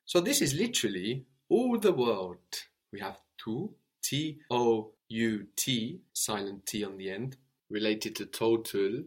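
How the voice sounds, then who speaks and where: A man's voice: fairly low pitch, animated, unhurried. A man teaching a spoken language lesson, explaining patiently, spelling out words and checking in with a questioning "no?".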